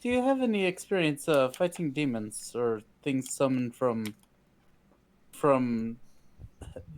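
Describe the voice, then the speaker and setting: A man's voice: mid-range voice, measured pace, a little mellow. A man playing a tabletop game, hesitant and restarting his sentences. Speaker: player. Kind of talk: casual tabletop role-play.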